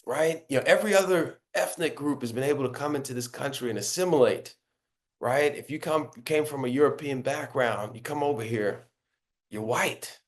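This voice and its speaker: Earnest baritone man explaining. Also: moderate pace. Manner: earnest, explanatory, often adds "right?". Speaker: author and guest. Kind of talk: interview answers.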